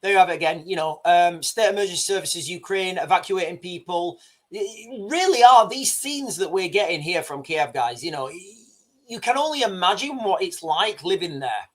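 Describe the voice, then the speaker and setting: A man's voice: high voice, expressive, normal speed, fairly bright tone. A man hosting a livestream, rambling and often restarting while talking straight to his viewers. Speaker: livestream host. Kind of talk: livestream commentary.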